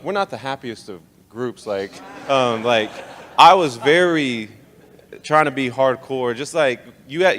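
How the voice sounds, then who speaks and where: The recording carries long hall reverb as a young Texan recounts his life to a crowd in a personal testimony talk. His lowish voice is a bit bright, and his manner relaxed and humorous.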